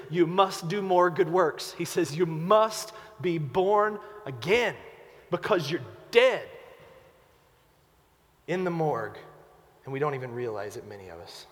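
Male pastor, high voice, emphatic sermon, loud to hushed, long church-hall reverb. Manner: emphatic preaching, swings from loud to quiet.

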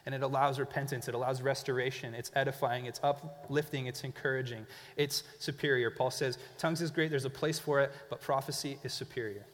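A man preaching a sermon in a conversational, animated way, acting out the people he describes. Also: medium pitch, a little fast, few pauses, in a large hall. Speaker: pastor. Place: church.

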